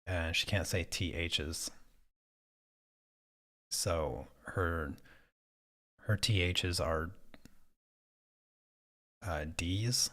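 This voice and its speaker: A man with a very low voice chatting casually as he paints. He talks in a relaxed, unhurried way, often stopping and repeating words as he gathers his thoughts. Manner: relaxed, halting, repeats words while thinking. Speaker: art teacher host. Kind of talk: casual chat while painting.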